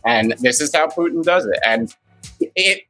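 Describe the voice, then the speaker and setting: A man's voice: a little high, expressive, moderate pace, pushed and bright, soft background music. A man co-hosting a casual live morning show, explaining trading terms in a rambling, playful way. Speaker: co-host and market commentator. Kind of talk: casual live-stream chat.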